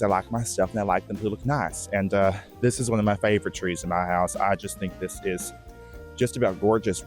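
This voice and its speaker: A man playing a vain, shy, emotional Bigfoot who gives a rambling, earnest tour of his forest home, with halting restarts, in a mock-documentary comedy. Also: on the low side, natural voice. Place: outdoors in woods.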